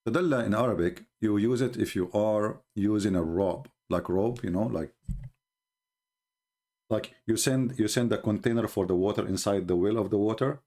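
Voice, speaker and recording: A man giving live-streamed commentary in an emphatic, scornful, mocking manner, often halting with fillers and restarts. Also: on the low side, warm tone.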